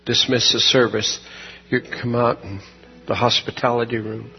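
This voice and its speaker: A man, the pastor, closing a church service with a folksy, earnest sermon and prayer, slowing down to stress his points. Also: medium pitch, steady tone, vocal fry, in a large hall, lo-fi sound, faint music behind. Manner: earnest, folksy, slows down for emphasis.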